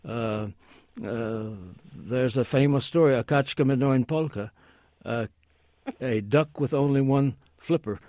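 On a call-in radio show, a guest language expert answers listeners in a rambling way, full of pauses, asides and self-corrections. His mid-pitched voice is slightly mellow and recorded dry, close to the mic.

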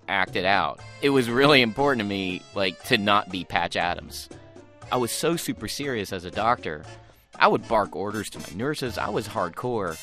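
A man's voice: lowish voice, animated, normal speed, pushed and bright. A man recalling his career in a candid, self-deprecating interview segment. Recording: faint music underneath.

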